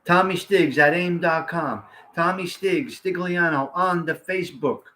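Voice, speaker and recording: Blunt, bright-voiced New man. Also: fairly high pitch, a little slow. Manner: blunt, rambling, salty-mouthed. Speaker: livestream host. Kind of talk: casual livestream chat to viewers.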